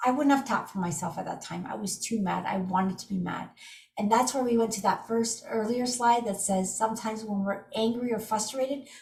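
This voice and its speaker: A woman's voice: mid-range voice, normal speed, gravelly. A middle-aged woman teaching tapping in a live online workshop over a video call, speaking vividly. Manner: animated, vivid, acts out strong emotions while demonstrating. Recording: roomy and distant from the mic.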